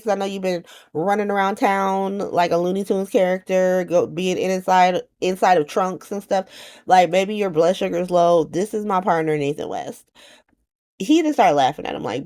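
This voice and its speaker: A woman giving a casual, slangy comedic recap of a soap opera, acting out the characters in quick voices. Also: on the low side, a little mellow.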